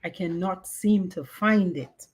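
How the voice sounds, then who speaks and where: A podcast host in her fifties reads from a personal memoir with plenty of expression, then shifts into casual chat sprinkled with Creole phrases. Her voice is lowish and husky, and she speaks slowly.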